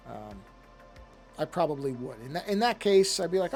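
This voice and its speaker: A man's voice: fairly high pitch, sing-song, brisk, a little mellow, soft background music. A man streaming live while drawing, chatting casually and rambling from one thought to the next, talking to himself as he works. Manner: rambling, self-talk, easily sidetracked.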